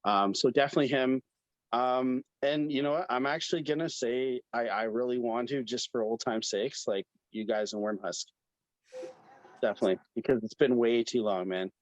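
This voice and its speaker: A man's voice: medium pitch, normal speed, no room sound, lo-fi sound. Rambling male band guest, dry mic. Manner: rambling, many "um"s, friendly. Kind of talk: casual interview answer.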